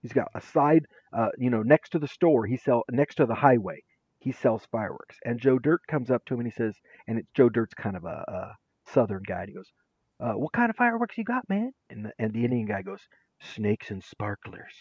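A man speaking as an interview guest, telling stories with lively acted-out quotes. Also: medium pitch, fairly quick, husky, dry recording, lo-fi sound. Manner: lively, acts out quotes with shifting voices. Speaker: interview guest, former teacher and administrator. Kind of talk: animated storytelling.

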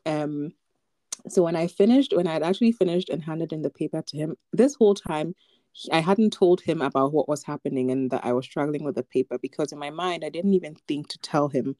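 Speaking fairly quickly in a low, mellow voice with no echo, a young woman tells a personal story while co-hosting a podcast. The conversation is casual, loaded with filler words and punctuated by light laughter.

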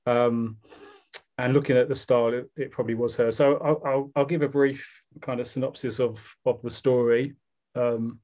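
A man's voice: medium pitch, dark tone. A man with a South East London accent, co-hosting a podcast and retelling a comic story in casual, rambling chat. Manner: rambling, with fillers and restarts. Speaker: podcast co-host.

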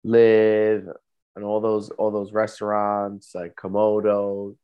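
A man's voice: lowish voice, completely flat delivery, takes it slowly, clear, resonant tone, highs cut off. A man co-hosting a casual podcast, telling stories in a laid-back way and swearing now and then. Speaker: podcast co-host. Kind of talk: casual chat.

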